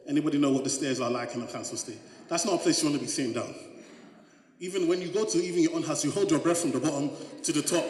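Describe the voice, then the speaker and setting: A man from giving a motivational keynote, joking with the crowd and telling stories. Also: mid-range voice. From London, England. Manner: animated, joking, storytelling with crowd interaction. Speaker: keynote speaker. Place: large hall on stage. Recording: echoey hall.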